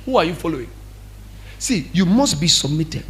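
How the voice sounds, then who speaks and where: A man preaching a sermon as pastor, animated and acting out what people say. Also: a little high, moderate pace. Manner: animated, acts out quoted speech.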